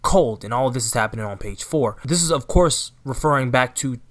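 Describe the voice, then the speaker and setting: A man's voice: mid-range voice, brisk, fairly bright tone. A man in casual recap commentary, talking straight to his viewers and often checking in with "right?" and "you know". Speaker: anime recap channel host.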